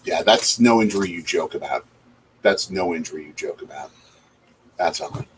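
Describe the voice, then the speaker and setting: A man's voice: deep voice, animated, moderate pace, a little hiss or hum. A man from Wisconsin hosting a casual live chat over a football game from his home basement, reacting aloud to plays. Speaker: host.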